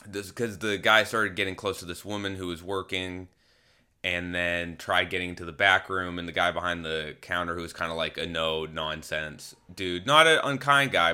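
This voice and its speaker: A man with a low, bright voice hosts a podcast and talks straight into a phone camera. He rambles candidly through a story and keeps stopping to correct himself. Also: clean tone. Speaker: podcast host. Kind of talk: casual storytelling monologue.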